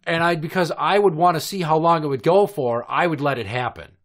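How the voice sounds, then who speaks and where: A man's voice: fairly high pitch, fairly quick. A man in his thirties hosting a comedy podcast, telling crude stories in long, profane, rambling run-on rants. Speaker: podcast host.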